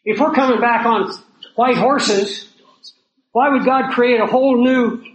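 A man preaching a sermon in a conversational way, asking his listeners rhetorical questions. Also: high voice. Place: outdoors or lodge near hills and prairie. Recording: roomy echo, faint noise.

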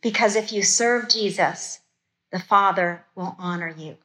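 A woman's voice: mid-range voice, a little slow, sharp tone. A woman giving a Bible study sermon, reading scripture aloud and breaking off to comment in casual, chatty asides. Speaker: Bible teacher. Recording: roomy echo.

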